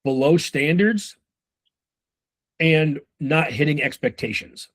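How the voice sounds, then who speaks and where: A man's voice: fairly high pitch, expressive, fairly bright tone. Casual, profane male sales trainer. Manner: loose and profane, acts out quick dialogue. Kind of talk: casual coaching talk.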